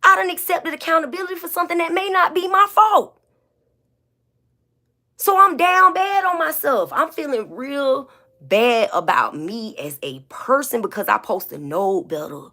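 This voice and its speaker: A woman's voice: sits high, lively intonation, moderate pace, pushed and bright. A woman speaking in a candid, blunt confessional monologue to her viewers, emotional and holding back tears, with many repeats and fillers. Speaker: vlogger.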